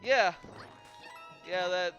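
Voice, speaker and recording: Streamer, male, slightly raised pitch, rambling and chatty while playing, music running underneath. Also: extremely slow, fairly bright tone, lo-fi sound. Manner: rambling, filler-heavy, chatty, answers chat. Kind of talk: casual live-stream commentary while gaming.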